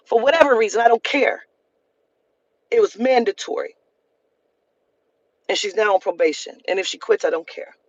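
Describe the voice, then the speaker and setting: A woman's voice: mid-range voice, expressive, normal speed, pauses often, dry recording. A woman talks straight to camera in a heated, swearing rant, hammering her points home by saying them again. The sound is close and dry with little room around it. The top end is slightly dull. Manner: heated, profane, repeats lines for emphasis. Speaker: vlogger. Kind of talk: emotional storytime rant.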